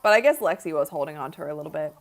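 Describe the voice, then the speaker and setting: Racing along in a low, gravelly, animated voice, a young livestream host gives casual running commentary at a watch party. She's chatty yet worn out, yawning at times and frequently saying "like" and "honestly."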